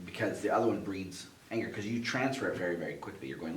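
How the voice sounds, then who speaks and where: A man's voice: low voice, fast talker, few pauses, distant mic. A man talking as a podcast co-host and father, giving earnest advice in a casual way. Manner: earnest, advising, lots of "yeah" backchannels. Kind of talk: casual chat. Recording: roomy, off-mic, faint hiss.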